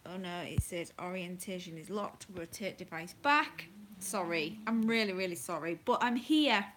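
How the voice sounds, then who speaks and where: Woman vlogger, bright forward voice, chatty phone livestream from home, light background hiss. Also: lowish voice, normal speed. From England. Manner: chatty, apologetic, greets viewers by name. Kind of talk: casual livestream chat. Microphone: phone held close.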